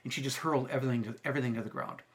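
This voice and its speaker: A man's voice: medium pitch, wildly swooping pitch, racing, gravelly. A middle-aged male teacher telling a personal story to camera in an earnest, reflective way.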